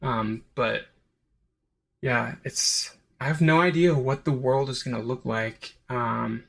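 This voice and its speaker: A man's voice: medium pitch, steady tone, takes it slowly, creaky, a bit bright. A man hosting his own review channel, talking in a rambling, unscripted way with lots of "like" and "um" fillers. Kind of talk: casual unscripted review monologue.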